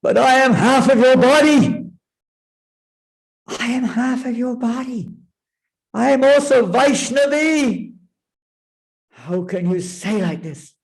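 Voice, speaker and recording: A man voicing an enraged goddess, a divine wife demanding her share, in a raised, shrill voice during a spiritual class. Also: very animated, measured pace, poor audio. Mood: furious. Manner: shrill pleading turning to furious shouting.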